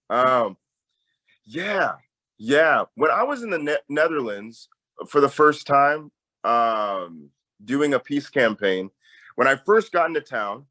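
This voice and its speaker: A young man, a peace campaigner, telling a story in a lively conversational way. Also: mid-range voice, low-quality recording. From Tacoma, Washington. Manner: animated storyteller, voice jumps up when excited.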